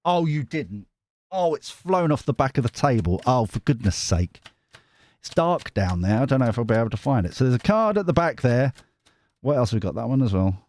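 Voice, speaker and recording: A man's voice: mid-range voice, very animated, fairly quick, a little mellow. A man giving a tarot reading on a live stream, chatty and rambling, often mocking himself. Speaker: tarot reader.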